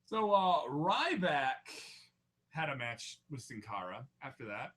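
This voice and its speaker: A man hosting a casual wrestling podcast, loud and joking, swearing freely as he recaps matches. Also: medium pitch, sing-song, slow pace. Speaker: podcast host.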